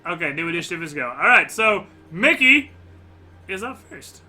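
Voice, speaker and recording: Male GM, higher-set, very bright voice; rambling descriptive narration. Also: very animated, normal speed. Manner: descriptive, loose narration with many fillers. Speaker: game master. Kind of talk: narrating a tabletop game.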